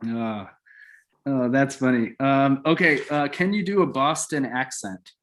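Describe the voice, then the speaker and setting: A man's voice: medium pitch, a bit bright, slight background noise. Jokey male podcast host. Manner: jokey, playful, quick to laugh. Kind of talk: casual chat.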